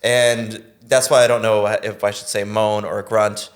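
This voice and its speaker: A man's voice: fairly low pitch, level tone, a little slow. A man guests on a comedy podcast and talks in a loose, rambling way. He drifts between thoughts, with plenty of fillers and restarts as he tells his stories. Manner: rambling, filler-heavy storytelling. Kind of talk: casual comedy podcast chat.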